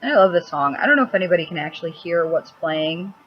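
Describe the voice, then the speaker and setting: A woman's voice: on the low side, animated, fast, faint music behind. A woman rambling bluntly and crudely in a casual makeup vlog, recorded at home on a laptop mic. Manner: blunt, crude, cranky, swears freely. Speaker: makeup vlogger. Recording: slightly dull laptop audio with faint hiss.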